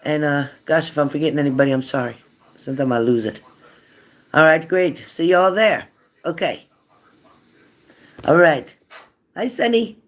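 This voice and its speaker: A man's voice: fairly high pitch, moderate pace, long pauses. A man hosting a tarot live stream in a casual, chatty way, reading out viewer comments and answering them earnestly.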